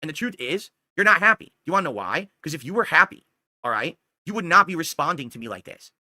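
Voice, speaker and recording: Fast, sharp-voiced man ranting angrily. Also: a little high, big pitch swings, dry recording, clean studio sound. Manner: heated, scolding, profane, repeatedly asking "do you understand". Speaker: streamer. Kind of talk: angry ranting monologue.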